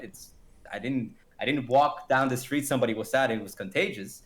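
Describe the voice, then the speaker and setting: A man's voice: medium pitch, fairly quick. A man on a podcast arguing his view emphatically, acting out little quoted exchanges as he goes. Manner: emphatic, animated, acts out quotes. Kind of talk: casual debate.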